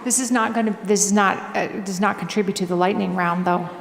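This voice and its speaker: A woman author telling a story to a live audience in a casual, animated way, full of fillers. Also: mid-range voice, a little fast, gravelly, a crowd in the background, background noise. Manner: chatty and animated, with many fillers. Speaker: author and guest speaker. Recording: echoey hall, faint ambience.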